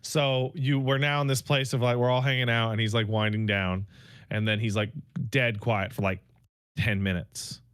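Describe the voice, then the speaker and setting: A young adult man co-hosting a podcast, telling animated stories about his toddler in casual chat. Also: medium pitch, moderate pace, smooth, dry recording, clean studio sound. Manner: animated storyteller, swears. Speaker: podcast co-host and father.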